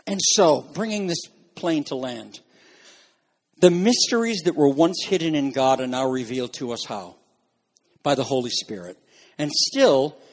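Male pastor, sermon, earnest, somewhat high voice, long echo of a large room. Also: darkish tone. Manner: earnest, rises in pitch for emphasis.

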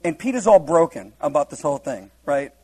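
A man's voice: on the high side, sing-song, brisk, a little mellow, slightly rough, rough recording. A man preaching a humorous verse-by-verse Bible teaching, laughing often and acting out the scenes in different voices.

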